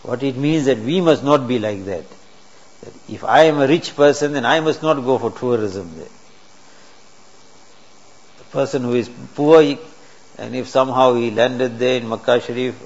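A man with a mid-range voice at normal speed delivers a sermon to a congregation in a mosque. This Islamic preacher is earnest and teaches through rhetorical questions, captured in a dull lo-fi recording with faint hiss.

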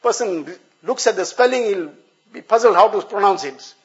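A man's voice: sits high, animated, moderate pace, muffled recording. A male preacher giving an earnest, explanatory sermon, repeating phrases for emphasis.

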